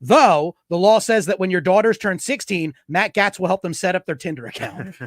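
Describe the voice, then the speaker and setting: A middle-aged comedian co-hosts a podcast and reads out news jokes in a slightly high voice, laughing often at his own lines. The sound is dry and close, with no room around it. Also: animated, normal speed, no echo. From Philadelphia area. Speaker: podcast co-host. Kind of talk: casual comedy podcast chat.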